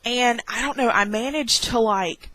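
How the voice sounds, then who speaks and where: A young woman vlogger telling a dramatic story with many "like"s and squeaky acted-out exclamations. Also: unhurried, sharp tone, poor audio. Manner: heavy use of "like". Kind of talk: animated storytelling vlog.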